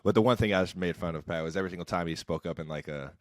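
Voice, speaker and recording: A man from Ohio co-hosting a sports podcast in casual, playful chat, talking in an animated way with lots of "like" and casual swearing. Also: low voice, rapid-fire, no room sound, clean studio sound. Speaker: podcast co-host.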